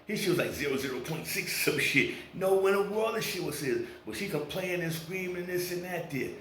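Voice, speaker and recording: A man's voice: high-pitched, fairly quick, a bit bright, echoey room, a little hiss or hum, rough recording. A man ranting casually to his viewers, swearing a lot and acting out quoted voices as he tells a story. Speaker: vlogger. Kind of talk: casual rant to camera.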